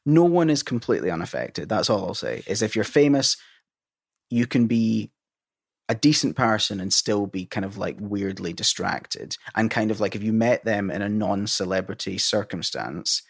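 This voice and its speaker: A man's voice: on the low side, animated, normal speed, gravelly, breathy edge, dry recording, clean studio sound. A man from Scotland, a film director, speaking as a guest in a casual interview, thoughtful and hedging with many restarts.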